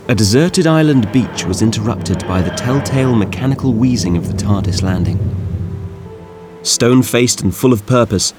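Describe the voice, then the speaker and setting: A man reading a science fiction audiobook in measured, expressive narration. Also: lowish voice, soft background music. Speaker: audiobook reader. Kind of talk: scripted narration.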